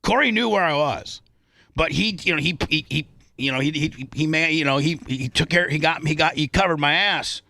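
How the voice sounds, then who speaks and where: A man's voice: fairly high pitch, moderate pace, vocal fry, dry recording, studio quality. A middle-aged male radio host telling a long, rambling story on the air and acting out the voices of the people in it. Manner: rambling, animated, acts out quotes.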